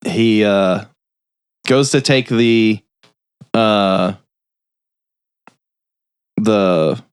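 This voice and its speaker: A man's voice: on the low side, extremely slow, smooth, dry recording, clean studio sound. A man hosting a podcast, casually retelling a film's plot and briefly doing voices for the characters. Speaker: podcast host. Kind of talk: casual film recap.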